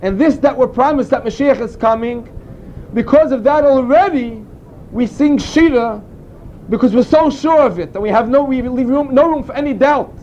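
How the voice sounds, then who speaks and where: Male Torah teacher with an unusually high voice, earnest storytelling tone, dull lo-fi recording with a faint vehicle rumble underneath. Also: normal speed, a little mellow. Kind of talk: informal Torah class.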